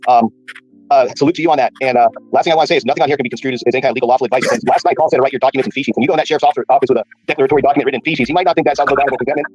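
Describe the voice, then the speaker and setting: A man's voice: mid-range voice, rapid-fire, darkish tone, breathy edge, faint music behind. A man on an online podcast panel, giving wry, chatty thanks. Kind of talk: casual call-in panel talk. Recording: dull, dry call audio.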